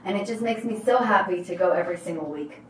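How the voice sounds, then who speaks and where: A woman who works as a life coach, telling a motivational story in an emphatic, animated way. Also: lowish voice, quick pace, a little hiss or hum. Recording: roomy, distant mic.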